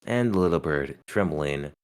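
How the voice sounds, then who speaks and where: A man narrating a visual novel aloud in a steady, measured way. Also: extremely low pitch, smooth.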